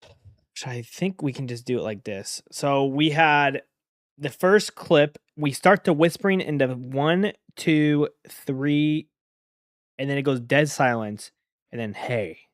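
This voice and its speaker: A man's voice: on the high side, slow pace, dry recording, clean studio sound. A man talking to himself as he edits and records sound for a short film, muttering and self-critical, with the odd swear. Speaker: amateur filmmaker. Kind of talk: talking to himself while editing.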